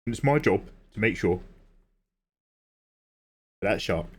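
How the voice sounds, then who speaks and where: A man's voice: lowish voice, expressive, measured pace, slightly rough. An Australian man doing a solemn old British butler. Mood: mock-solemn. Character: old male British butler, dry and formal.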